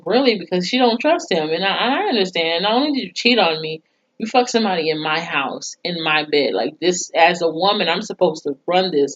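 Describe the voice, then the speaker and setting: A woman reviewing a TV episode in a casual recap, blunt and profane, often laughing as she talks. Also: fairly low pitch. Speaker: TV show reviewer. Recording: dull lo-fi sound.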